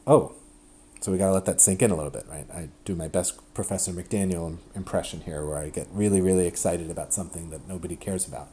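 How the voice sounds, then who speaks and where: A lower-pitched man with a mellow, warm tone talks through a math lecture in a chatty, animated way. He often stops and restarts mid-sentence. A faint hiss sits under the recording. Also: fast. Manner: chatty, self-interrupting, animated explanations.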